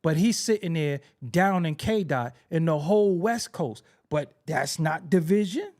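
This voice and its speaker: A New man hosting a podcast, his voice sitting notably high for a man. He rants in fired-up commentary, repeating lines for emphasis and throwing out pointed rhetorical questions. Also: lively intonation, unhurried, a little mellow. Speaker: podcast host. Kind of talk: heated opinion commentary.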